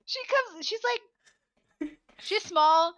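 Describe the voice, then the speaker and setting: A woman who works as a teacher, telling animated stories in a casual podcast chat and acting out the children's voices. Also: very high voice, slow, no room sound. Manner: animated storyteller, acts out kids' voices. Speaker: preschool teacher.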